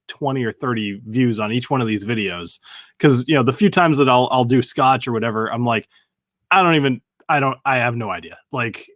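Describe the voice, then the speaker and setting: A man hosts a relaxed conversation, laughing easily and joking around. His voice sounds dry and close, with no room around it. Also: mid-range voice, no echo. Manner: laughs easily, loose jokey chat. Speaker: interview host. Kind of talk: casual conversational interview.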